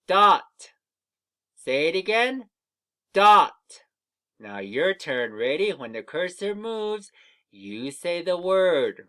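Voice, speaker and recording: A man teaching young children to read, leading slow, patient drills of letter sounds for an online lesson. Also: fairly high pitch, a bit bright.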